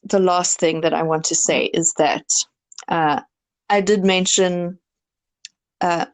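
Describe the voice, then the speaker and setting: A woman's voice: lowish voice, steady tone, slow. Earnest woman podcast co-host. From South Africa. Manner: earnest, explains at length with many fillers. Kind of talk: casual chat.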